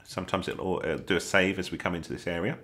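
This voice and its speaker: A man with an English accent, talking through a casual gameplay tutorial in a chatty, excitable way with jokey asides. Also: deep voice, fast. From England. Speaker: gaming YouTuber.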